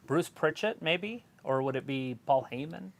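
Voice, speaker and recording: A woman's voice: deep voice, animated, unhurried, gravelly. A woman co-hosting a live stream, blurting out casual play-by-play remarks on the action. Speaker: stream co-host commenting on wrestling.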